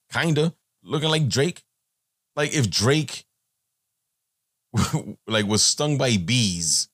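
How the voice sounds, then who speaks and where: A man's voice: on the high side, a bit bright, no echo, studio quality. A man hosting a podcast, giving a blunt, profane, rambling monologue with many fillers. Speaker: podcast host.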